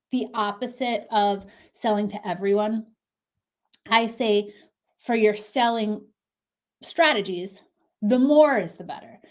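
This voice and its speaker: A woman in her thirties, a clothing brand consultant giving casual, encouraging advice to camera with lots of fillers, slightly out of breath from pregnancy. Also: on the high side. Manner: chatty, encouraging, frequent fillers.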